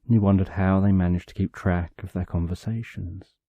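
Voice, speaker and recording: A man narrating a bedtime story for sleep, calm and drawn out, in short phrases with long pauses. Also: sits low, no room sound, lo-fi sound.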